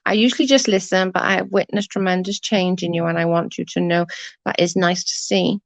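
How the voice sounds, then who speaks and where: Reading out comments on her livestream, a woman from England chats casually in a blunt, sweary way. Her voice is on the low side, steady, creaky and fairly quick. The audio is dull, dry lo-fi stream sound with no room sound.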